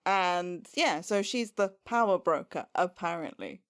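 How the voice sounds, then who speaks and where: A woman's voice: lowish voice, expressive, a little slow, a bit bright, clear, resonant tone, no echo, studio quality. Wry, blunt podcast woman. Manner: blunt, wry, laughs along. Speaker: podcast co-host. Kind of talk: casual recap chat. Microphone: podcast microphone.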